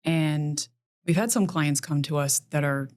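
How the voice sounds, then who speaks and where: A middle-aged woman with a low, grounded voice talks as a guest on a casual podcast. She is a criminal defense attorney and speaks earnestly, often stringing points into quick lists. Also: darkish tone. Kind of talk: casual interview chat.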